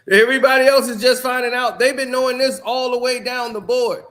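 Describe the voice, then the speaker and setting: A man's voice: very high-pitched, fairly even intonation, moderate pace, fairly bright tone. A man giving casual, rambling basketball commentary, telling the story in a loose way with lots of "you know" and "like".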